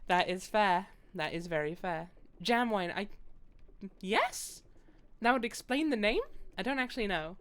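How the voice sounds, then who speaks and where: A woman's voice: medium pitch, animated, a little slow, a bit bright. A young British woman chatting casually while streaming a game, rambling and laughing often. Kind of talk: casual gaming stream chat.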